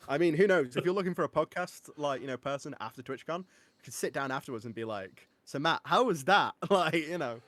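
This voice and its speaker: A young man on a podcast, chatting excitedly and laughing easily as he tells stories. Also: on the high side, no room sound. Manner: excitable, quick to laugh, lively storytelling. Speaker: guest. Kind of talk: casual podcast chat.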